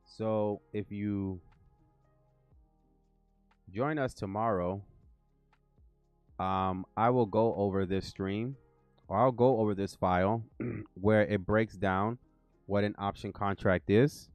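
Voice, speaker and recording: A man's voice: on the low side, fairly even intonation, slow, pauses often, a little mellow, dry recording, soft background music. An American man hosting a livestream, talking casually in a loose, rambling way with slang and fillers. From United States. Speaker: livestream host.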